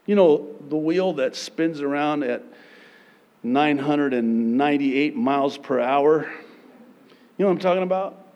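A man preaching a sermon, theatrical and playful, acting out little scenes with sudden loud bursts and laughter. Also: fairly high pitch.

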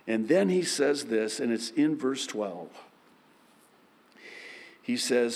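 A man preaching a sermon as a pastor, acting out lively back-and-forth dialogues with God. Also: medium pitch, takes it slowly, pauses often. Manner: acts out both sides of dialogues with God, animated. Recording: long hall reverb.

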